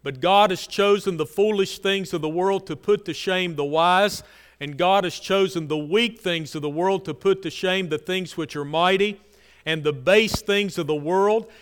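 Earnest preacher in a reverberant hall. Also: male voice, moderate pace, clean tone. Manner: earnest preaching, repetitive emphasis, drops to soft low lines. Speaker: pastor. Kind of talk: sermon.

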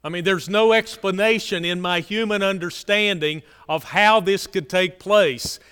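A man preaching a sermon, earnest and repetitive, pressing key phrases and then dropping to a soft, low delivery. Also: steady tone, a little slow, smooth, long reverb tail. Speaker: pastor.

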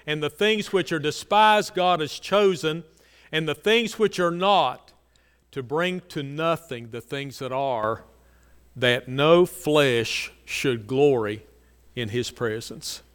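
A man preaching a sermon, earnest and repetitive, pressing key phrases and then dropping to a soft, low delivery. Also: slow, smooth, big-room sound. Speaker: pastor.

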